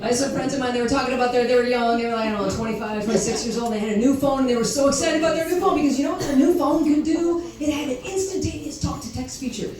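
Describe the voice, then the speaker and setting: A woman's voice: sits high, very fast, few pauses. A woman stand-up comedian performing a set, speaking conversationally and talking to the audience. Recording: echoey club audio from far off with crowd.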